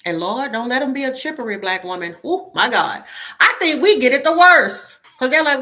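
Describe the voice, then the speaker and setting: A woman with a fairly high voice talks straight to her viewers in a casual monologue. She sounds drained and worn out, exasperated and blunt, and swears freely. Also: lively intonation, normal speed, pushed and bright. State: emotionally drained. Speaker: tarot reader.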